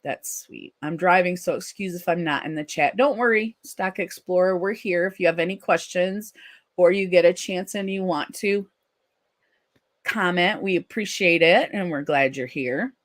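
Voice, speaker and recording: Reading out comments from viewers, this host keeps the live stream casual and answers with warmth and support, often saying um and starting over. The voice is mid-range at a moderate pace.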